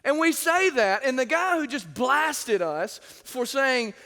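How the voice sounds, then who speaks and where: A man preaching a sermon, telling stories in a lively way and acting out the voices of others. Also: extremely high pitch, slow, gravelly. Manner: lively storytelling, acts out quoted voices. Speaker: pastor. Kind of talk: sermon with anecdotes. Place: church sanctuary. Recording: long church reverb.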